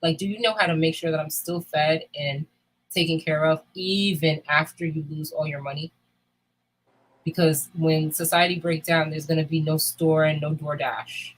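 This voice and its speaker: A woman with a low, husky voice talks in a candid, casual chat. She is blunt and emphatic, and she swears freely as she makes her points. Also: fairly even intonation, moderate pace, rough recording. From United States.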